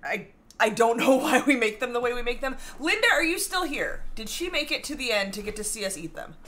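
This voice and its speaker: Giggly woman on a baking stream reading comments, bright high voice. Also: lively intonation, a little fast, a little hiss or hum. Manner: giggly, reads viewer comments aloud. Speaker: cooking show co-host. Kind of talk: casual livestream chat.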